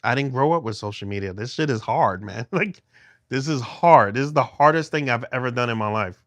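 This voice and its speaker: Talking fairly quickly and expressively, a middle-aged man rambles through a casual livestream chat with viewers, phone in hand at home, restarting often. His pitch is medium, and there's no echo.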